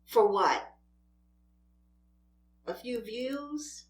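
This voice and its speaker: A woman's voice: a little high, animated, drawn-out words, echoey room. A woman mukbang vlogger ranting in an exasperated, scolding way at other creators while she eats. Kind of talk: ranting vlog while eating.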